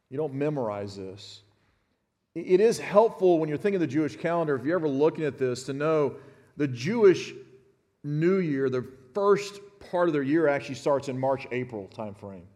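A pastor in his fifties teaches his congregation in a relaxed, conversational way and often turns to speak straight to them. His voice sits at a middle pitch. The sound carries the long reverb of a big church hall. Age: 50s. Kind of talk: sermon. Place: church sanctuary.

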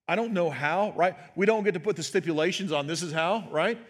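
Man, pastor, conversational sermon, slightly high voice, long hall reverb. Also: brisk, few pauses. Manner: conversational preaching, frequent "right?" asides, acts out quotes.

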